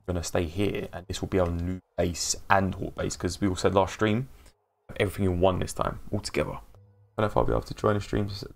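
Low gravelly English man streaming. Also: level tone, fast. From England. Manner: rambling, laughs often, greets chat by name. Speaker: livestream host. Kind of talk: casual live-stream chat while gaming.

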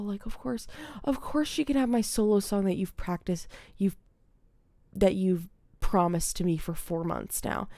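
This studio-quality recording, with no echo, captures a young adult woman streaming a game from home. Her medium-pitched voice has some vocal fry as she chats casually and relates theater-teaching stories with animation, whispering each time she quotes a child.

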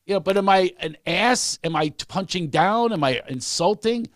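A middle-aged man spins comic stories with big swings in pitch, jumping into the voices of the people he quotes. His voice sits a little high for a man. The sound is close and dry, with no room around it. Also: animated, moderate pace, no echo. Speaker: comedian guest. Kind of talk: storytelling in a podcast chat.

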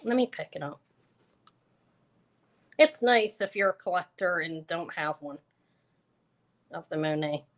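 A woman's voice: fairly low pitch, animated, a little slow, long pauses. A woman hosting a live online jewelry auction, chatting casually and rambling with fillers and self-corrections. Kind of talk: casual live-stream selling chat.

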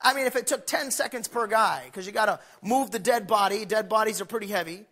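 A middle-aged male pastor preaching a folksy sermon that swings from quiet asides to shouted points. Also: high voice, fairly quick.

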